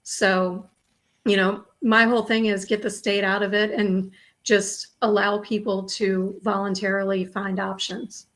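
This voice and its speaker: A woman's voice: medium pitch, flat delivery, a bit bright. An earnest woman podcast guest. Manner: earnest and measured, with many "um" and "you know" fillers. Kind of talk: casual conversational interview.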